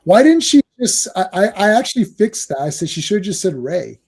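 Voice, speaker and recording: A man's voice: sits high, sing-song, brisk, creaky, darkish tone, husky. A man co-hosting a casual talk show, speaking emphatically and acting out quotes as he retells things. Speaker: podcast co-host. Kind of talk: casual chat.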